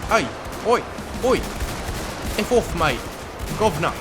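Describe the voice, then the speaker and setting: A man's voice: high-pitched, big pitch swings, takes it slowly, over music, voice pushed up, full character voice. A man voicing a brash male soldier in an exaggerated put-on British manner, in a video game. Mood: rowdy.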